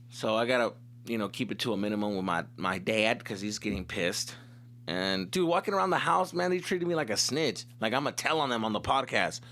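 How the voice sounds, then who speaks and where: A man's voice: fairly low pitch, animated, fairly quick, pushed and bright. A young male comedian hosting his own podcast, rambling profanely through a casual monologue and switching into Spanish slang.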